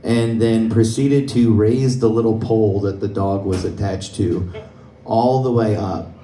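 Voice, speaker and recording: A young man is on a club stage doing stand-up, chatting through his stories and cracking himself up. He speaks in an unhurried, warm, lowish voice with fairly even intonation. There's slight background noise, and the far-off mic captures the roomy club acoustics.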